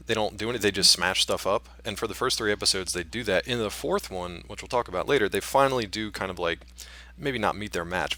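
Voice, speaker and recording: A man with a low voice co-hosting a casual podcast chat. He is wry and easygoing, and his tone turns quietly self-mocking. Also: a little hiss or hum. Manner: wry, easygoing, laughs at himself. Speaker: podcast co-host.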